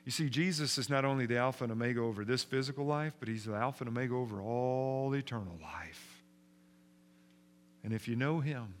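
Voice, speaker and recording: A man preaching a sermon as pastor in a church, moving from hushed, reflective passages to loud, emphatic declarations. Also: mid-range voice.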